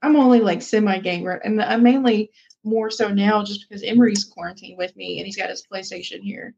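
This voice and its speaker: A woman's voice: medium pitch, fairly even intonation, fairly quick, gravelly, a little mellow, slightly rough, highs cut off. A young woman co-hosting a podcast in casual chat, talking loosely with plenty of fillers and laughs. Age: young adult. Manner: chatty, lots of fillers and laughs. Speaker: podcast co-host.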